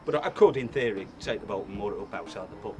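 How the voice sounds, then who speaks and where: A man who lives on a canal boat and works at a pub, telling a casual story in an interview with lively quoted voices. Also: fairly low pitch, fast, over music. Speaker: canal boater and pub worker.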